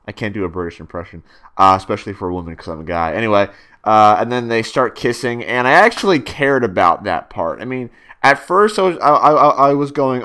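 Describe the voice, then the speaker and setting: A man's voice: lowish voice, expressive, brisk, pushed and bright. A young man giving a casual spoken video review, rambling with many fillers and restarts and swearing freely.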